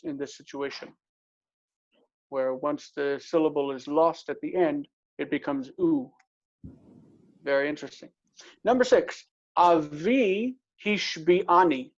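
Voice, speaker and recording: A man teaching a casual Hebrew grammar lesson, explaining step by step and repeating words slowly. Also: on the high side, darkish tone. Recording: dull lo-fi recording.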